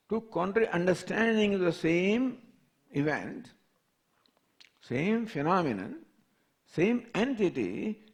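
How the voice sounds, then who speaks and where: An older man, a spiritual teacher, giving a scripture class lecture, reciting verses and asking repeated questions. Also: a little high. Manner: slow, repetitive questioning, reciting Sanskrit verses.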